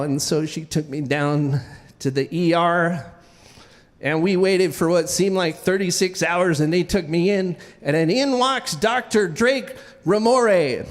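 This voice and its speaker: A man's voice: sits high, a little slow, long reverb tail. A man telling a comic, self-deprecating story live on stage, stammering and restarting as he goes.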